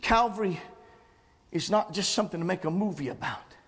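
Male preacher, very high-pitched, impassioned delivery that swells into shouting. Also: expressive, a little fast. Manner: impassioned, rising to shouting with "uh" breaths. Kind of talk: sermon.

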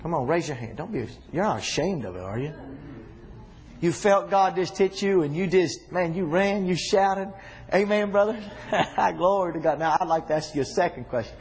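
A man preaching a sermon to a congregation in a church, talking casually to the room and breaking into loud shouts. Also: on the high side, moderate pace, slight background noise. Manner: animated, shouting bursts and conversational asides to congregation.

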